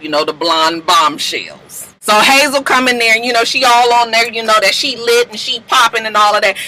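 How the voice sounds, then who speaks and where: A woman's voice: mid-range voice, bright, forceful tone, slight background noise, rough recording. A woman giving a casual, blunt episode recap, swearing freely and laughing as she goes. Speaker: reality TV recap vlogger.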